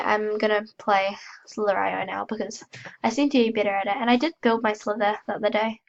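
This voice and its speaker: A woman's voice: mid-range voice, level tone, fairly quick, creaky, highs cut off. Stuffy-voiced woman narrating her gameplay. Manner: chatty, self-mocking, gasps and squeals when startled. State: has a cold. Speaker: gaming channel host. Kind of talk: casual gameplay commentary.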